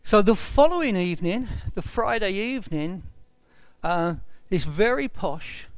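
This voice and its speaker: A man's voice: high voice, unhurried, no room sound. A man in his sixties tells a personal testimony and acts out the dialogue as he recounts it. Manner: retells events with lively quoted dialogue.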